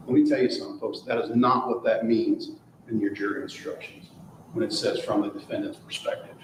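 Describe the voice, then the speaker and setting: A man giving a courtroom closing argument to a jury, forceful and rhetorical, often mocking the words of the accused. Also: lowish voice, steady tone, brisk, roomy sound, noisy background. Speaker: prosecutor.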